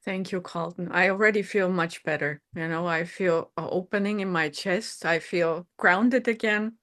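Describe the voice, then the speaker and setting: A woman taking part in a therapy session, speaking softly and haltingly about her feelings. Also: on the low side, steady tone. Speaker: session participant. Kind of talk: emotional therapy talk.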